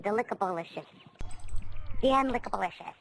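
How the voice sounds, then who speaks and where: A woman's voice: mid-range voice, animated, brisk, a little hiss or hum. A woman trading brash, vulgar, mocking banter in a crude teasing phone exchange.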